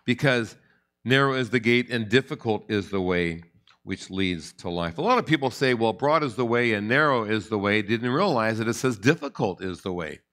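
A man's voice: medium pitch, animated, normal speed, fairly bright tone. A middle-aged man, a pastor, teaching a Bible study in a conversational way, often repeating words and building to emphatic points.

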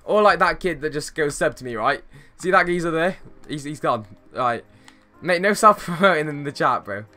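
A young man streaming a football game, chatting casually with viewers and reacting to plays with bursts of excitement. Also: fairly high pitch, moderate pace, soft background music. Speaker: gaming streamer. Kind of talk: casual live-stream chat while playing.

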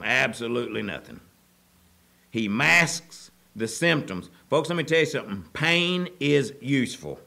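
A middle-aged pastor from preaching a sermon, moving from quiet storytelling to loud, urgent appeals. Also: male voice, mid-range voice, creaky.

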